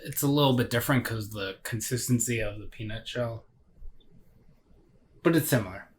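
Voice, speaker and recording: A man's voice: mid-range voice, moderate pace, noisy background. A man in a casual tasting chat, reviewing a beer while he rambles and searches for words.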